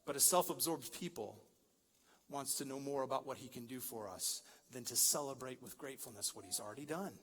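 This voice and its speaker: A man's voice: medium pitch, a little fast, a bit bright. A man preaching a sermon, conversational and joking, building to emphatic peaks. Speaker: pastor. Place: large church hall. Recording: long church-hall reverb.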